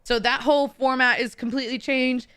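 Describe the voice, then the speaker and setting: A woman's voice: high voice, fairly even intonation, brisk, a bit bright, smooth, no echo. A woman guest on a podcast, talking casually and laughing often.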